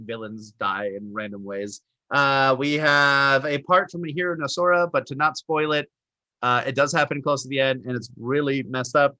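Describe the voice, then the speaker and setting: A man with a bright, forceful voice and a fairly high pitch talks in a casual chat. He recaps stories quickly and with animation. The sound is dry and close. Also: no room sound. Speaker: co-host.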